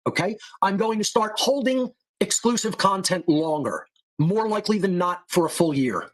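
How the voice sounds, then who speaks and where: A man's voice: high voice, animated, normal speed, a bit bright, poor audio. A man delivering an angry, scornful monologue rant as a show host, heaping insults and repeating himself for emphasis. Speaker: occult lecturer and show host.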